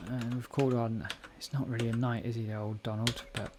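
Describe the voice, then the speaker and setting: A man's voice: mid-range voice, little pitch movement, a little fast, background noise. A man hosting a casual live coding stream at home, thinking aloud and correcting himself as he goes. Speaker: live-stream host learning a programming language. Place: home room at a computer. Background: keyboard typing and clicks.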